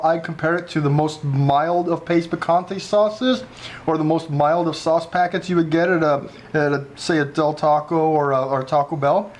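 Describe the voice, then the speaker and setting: High-voiced man reviewing food. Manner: rambling, chatty, with many restarts.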